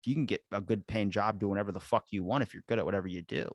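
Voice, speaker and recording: A man's voice: on the low side, rapid-fire, dry recording, studio quality. A young man hosting a podcast in casual chat, rambling and swearing with a jokey edge. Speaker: podcast host.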